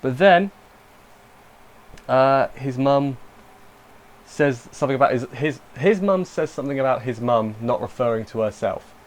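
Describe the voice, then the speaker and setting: A man's voice: medium pitch, measured pace, long pauses. A young man giving a casual spoken review of an anime episode, rambling and breaking off mid-sentence with emotional asides.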